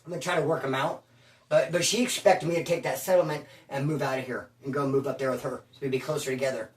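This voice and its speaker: A man from Bakersfield telling prison stories at home, animated and slangy, calling the listener bro and dude. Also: medium pitch, fast, distant mic. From Bakersfield, California. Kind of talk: casual storytelling. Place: at home, indoors. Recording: roomy room, from off mic.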